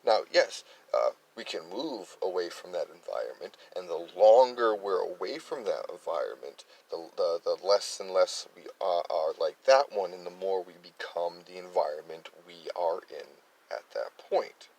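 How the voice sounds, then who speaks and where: Low-voiced opinionated man, Massachusetts accent. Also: expressive, moderate pace, creaky, darkish tone, poor audio. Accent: Massachusetts (Worcester). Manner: rambling, opinionated, many fillers and restarts. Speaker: political commentary host. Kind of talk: casual monologue commentary.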